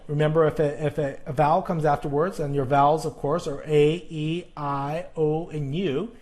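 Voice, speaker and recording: A man walks through a pronunciation lesson at an unhurried pace. He explains patiently, with fillers and examples said over again. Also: on the high side, level tone, darkish tone. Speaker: teacher.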